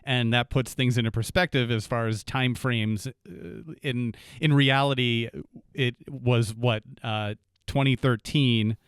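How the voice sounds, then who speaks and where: A man's voice: medium pitch, steady tone, slow pace, smooth, no room sound. Male podcast host, jokey, medium voice, super dry sound. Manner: friendly, joking interviewer. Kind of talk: casual podcast interview.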